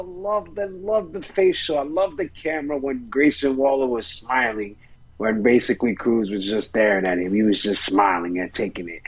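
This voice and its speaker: A man's voice: mid-range voice, creaky, slightly rough, low-quality recording. A man co-hosting a wrestling podcast, giving enthusiastic, rambling reviews with casual swearing. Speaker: podcast co-host.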